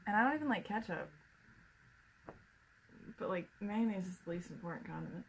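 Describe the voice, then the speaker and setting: A woman co-hosting a podcast, chatting casually with blunt, quick reactions. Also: mid-range voice, expressive, a little hiss or hum, rough recording. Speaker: podcast co-host. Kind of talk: casual chat.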